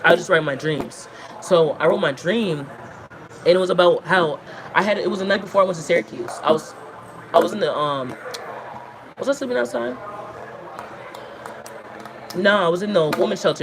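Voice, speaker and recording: A woman telling long, rambling, profane stories to her livestream chat, talking in an animated way. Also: fairly low pitch, a little fast, pauses often. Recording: noisy background.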